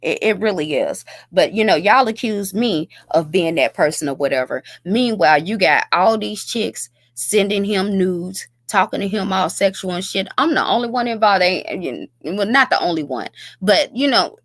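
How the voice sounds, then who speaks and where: A woman's voice: medium pitch, animated, normal speed, hardly any pauses, no room sound. A woman hosting a commentary video, ranting bluntly and scornfully with heavy profanity. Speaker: YouTube commentary host.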